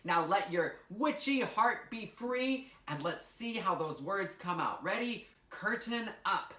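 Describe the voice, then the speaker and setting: A man's voice: high voice, animated, slow, sharp tone, reverberant, distant mic. A man teaching a virtual drama lesson to children, upbeat and encouraging as he guides them step by step. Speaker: teaching artist. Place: indoor room, recorded for an online class.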